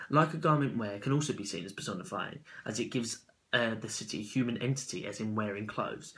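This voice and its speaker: Halting young man analysing a poem. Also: fairly low pitch, fairly bright tone, rough recording. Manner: halting, with self-corrections and fillers. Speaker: student presenting a poem analysis. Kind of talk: unscripted spoken poetry analysis.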